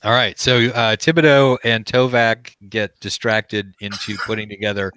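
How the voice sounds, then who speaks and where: A man's voice: lowish voice, steady tone, normal speed, sharp tone, slight background noise. A man narrating as game master, describing scenes in a loose, conversational way.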